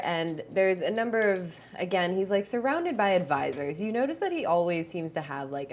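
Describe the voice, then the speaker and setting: A woman with a slightly low voice runs a tabletop game, describing scenes in a loose, casual way. Her narration is dotted with "like" and "um" as she sets each scene. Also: slight background noise. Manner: casual, filler-heavy narration with many "like"s. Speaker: game master.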